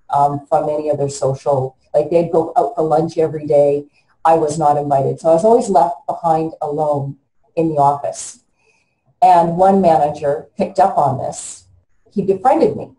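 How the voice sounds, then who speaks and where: A woman in her fifties speaks as an interview guest, slightly low in pitch and warm in tone. She talks in an earnest, halting way and often restarts her sentences. The room gives her voice a noticeable echo. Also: a little hiss or hum. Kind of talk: personal storytelling in an interview.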